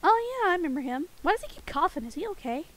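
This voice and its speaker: High-pitched woman streaming a game, giggly and playful, chatting with chat. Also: big pitch swings, quick pace, a bit bright, poor audio.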